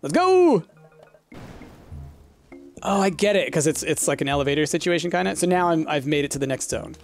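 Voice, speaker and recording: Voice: medium pitch, quick pace. A let's play host giving casual gameplay commentary with rambling, self-deprecating asides, over faint game music.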